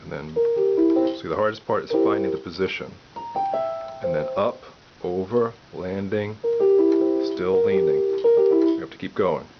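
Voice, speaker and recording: A man giving a piano lesson, calmly explaining step by step and counting aloud. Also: sits low, a little slow, long pauses. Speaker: piano teacher. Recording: dull lo-fi audio with loud piano.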